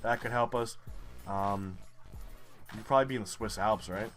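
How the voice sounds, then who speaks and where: A man's voice: lowish voice, moderate pace, faint music behind. A young man giving profane, frustrated commentary while playing a geography guessing game. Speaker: gaming YouTuber. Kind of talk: live gameplay commentary.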